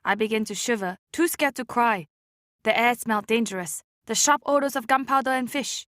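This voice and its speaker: A woman reading an audiobook chapter aloud in a measured, expressive way. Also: a little high, no room sound, studio quality. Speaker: audiobook reader. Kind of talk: scripted narration.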